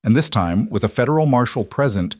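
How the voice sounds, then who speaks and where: A man narrating a western audiobook in an even, measured storytelling style. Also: medium pitch, dry recording, clean studio sound.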